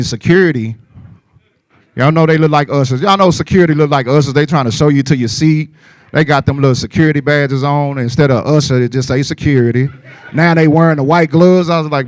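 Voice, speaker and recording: A man's voice: a little high, a little fast, dry recording. A man doing casual stand-up comedy and emceeing, telling stories and throwing rhetorical asides to the audience.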